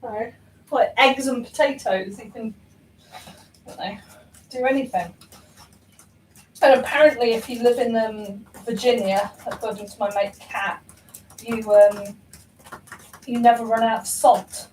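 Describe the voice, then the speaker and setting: A woman's voice: fairly high pitch, fairly even intonation, measured pace, long pauses, a little mellow, a little hiss or hum. A young woman chatting casually while baking at home, rambling and self-mocking with lots of ums and laughs. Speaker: baking vlogger. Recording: roomy kitchen, voice from far off.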